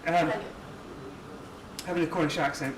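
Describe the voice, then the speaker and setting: A man's voice: a little high, steady tone, normal speed. A man from South West England speaking on a panel, hesitant and thoughtful with restarts. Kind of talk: casual panel chat. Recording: roomy hall from far off with noise.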